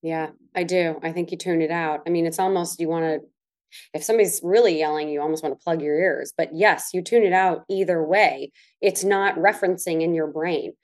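A middle-aged woman with a fairly low voice talks through practical advice in an easy, earnest way. She often slows to lean on the words that matter, then picks the pace back up in a relaxed chat. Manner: earnest, explanatory, slows to stress key words. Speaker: co-host.

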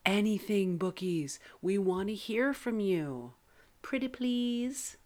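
A woman's voice: medium pitch, expressive, slow. A woman reading a scripted podcast promo in a pleading, sing-song way to listeners. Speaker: podcast announcer.

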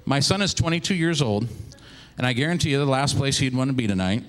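A man's voice: medium pitch, animated, quick pace, slight background noise. A middle-aged man preaching a sermon, talking earnestly and telling stories with animation. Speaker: pastor.

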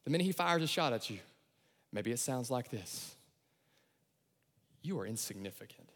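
A man preaching a lively sermon, acting out voices and shouting his key lines. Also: medium pitch, normal speed. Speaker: pastor. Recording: long hall reverb.

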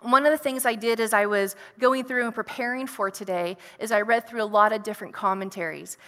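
Bright-voiced woman preaching a sermon. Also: on the high side, brisk, long reverb tail. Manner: earnest, reflective, asks rhetorical questions.

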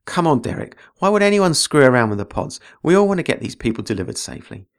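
A man reading his own story aloud, voicing a steady, reasonable male spaceship engineer who calmly placates a shipmate. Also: on the high side, fast, voice pushed up. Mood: reassuring. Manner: calm, placating. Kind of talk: author reading own fiction.

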